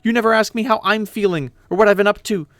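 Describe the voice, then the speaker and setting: A man voicing a furious young woman who shouts and snaps sarcastically at her friend, in a webcomic read aloud with voices. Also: sits high, fast talker, dry recording, voice pushed up.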